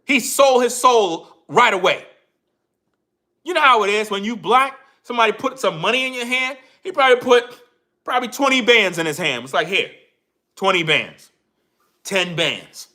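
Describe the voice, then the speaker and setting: A man's voice: very high-pitched, expressive, normal speed, pushed and bright. A man giving an emphatic commentary rant as a YouTube commentator, repeating himself and addressing viewers directly.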